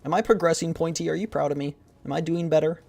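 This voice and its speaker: A man streaming a game live, talking excitedly to his viewers and teasing himself about his play. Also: a little high, fast talker, gravelly. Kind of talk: live gameplay commentary.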